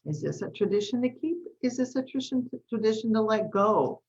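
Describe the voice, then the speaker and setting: A woman's voice: on the high side, expressive, brisk, a little mellow, muffled recording. A woman, hosting a coaching talk and chatting through a story in a casual, friendly way. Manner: chatty, storytelling, says y'all. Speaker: life coach and host. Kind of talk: casual live-stream talk.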